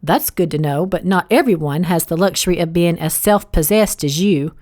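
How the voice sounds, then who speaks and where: A woman voicing a brooding, guarded man with a dark past, speaking curtly in a slightly lowered, tense tone. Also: normal speed, lightly acted. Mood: smirking.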